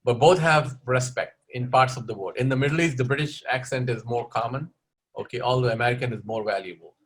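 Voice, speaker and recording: A man speaking a little fast in a mid-range voice advises a webinar audience on learning English as he answers their questions, repeatedly ending his points with "okay?"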